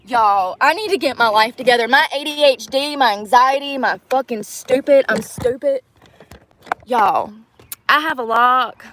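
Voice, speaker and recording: A woman's voice: high-pitched, normal speed, a bit bright, slight background noise. A young woman ranting in a casual livestream, frustrated and swearing as she rambles.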